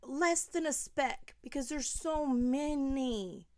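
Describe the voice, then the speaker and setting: A fired-up woman with a drawl delivers a rambling, indignant rant to camera. Her voice sits a little high, and she swings between sharp outbursts and low, hushed asides. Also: slow pace. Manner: heated, rambling, addresses the subject directly, drops to whispers. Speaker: commentary vlogger. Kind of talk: angry commentary monologue to camera.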